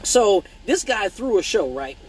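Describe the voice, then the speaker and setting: A man's voice: high voice, measured pace, husky, rough recording. A man hosting a casual live-stream Q&A as an exotic dancer, talking bluntly and swearing freely while telling stories and answering viewer comments. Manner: blunt, profane, animated storytelling; reads viewer comments aloud.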